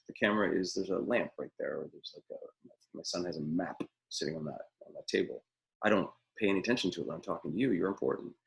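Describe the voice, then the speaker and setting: A middle-aged man with a deep, gravelly voice teaches acting in a live webinar over a webcam from a room at home. He talks in an opinionated, rambling way, full of ums and uhs. His low voice has a steady fry running through it. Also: low-quality recording. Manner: opinionated, rambling, many fillers.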